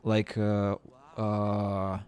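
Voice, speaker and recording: Halting man streaming a game. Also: on the low side, completely flat delivery, darkish tone, clear, resonant tone. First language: Russian. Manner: halting, stammering restarts, playful self-mocking. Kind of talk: casual game-stream chat.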